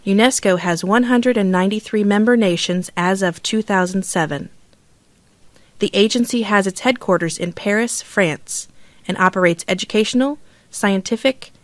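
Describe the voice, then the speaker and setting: Woman reading practice words and sentences clear and careful, dry close sound. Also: mid-range voice, dry recording. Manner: clear, deliberate model reading. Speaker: textbook audio reader.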